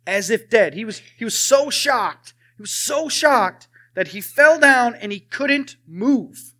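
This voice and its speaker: A young man preaching a sermon and telling his own testimony, swinging from loud emphasis to hushed, near-whispered lines. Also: extremely high pitch, expressive, slow pace, hardly any pauses.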